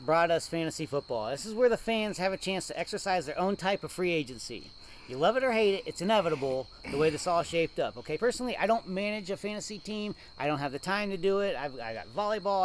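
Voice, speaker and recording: A man co-hosting a casual local football show, ranting and telling stories with animated laughs. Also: high voice, quick pace, slight background noise. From Ohio, USA. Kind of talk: casual rant.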